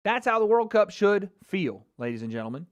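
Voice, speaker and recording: An American man giving an excitable live reaction to a football match as a YouTube host, swearing and breaking into shouts. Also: high-pitched, a little fast. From United States.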